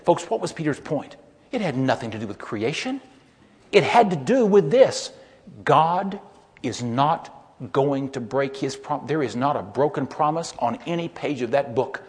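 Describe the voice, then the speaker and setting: A man giving a sermon-style Bible lecture, telling stories emphatically and building to loud peaks. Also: mid-range voice, animated, normal speed. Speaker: lecturer, preacher. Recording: long hall reverb.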